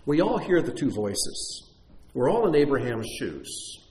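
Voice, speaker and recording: A man teaching a congregation in an animated, conversational sermon, with self-deprecating asides. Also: medium pitch, unhurried. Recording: echoey room, faint noise.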